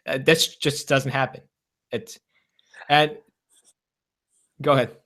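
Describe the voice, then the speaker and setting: A man's voice: medium pitch, flat delivery, takes it slowly, pushed and bright. A man chatting casually in a discussion, easygoing and agreeable, with many "like"s. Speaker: discussion participant. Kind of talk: casual chat.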